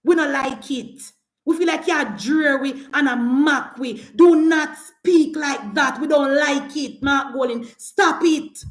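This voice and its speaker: In a high voice, taking her time, a commentator with a Jamaican accent rants passionately about politics, scolding with emphasis and returning to the same attacks repeatedly, in a roomy-sounding recording.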